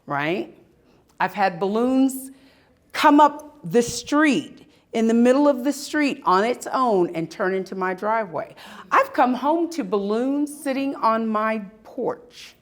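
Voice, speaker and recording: A woman giving a live talk at an expo, telling personal stories with emphatic, dramatic pauses. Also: on the high side, animated. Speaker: speaker at a spirituality expo. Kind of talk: live storytelling talk to an audience.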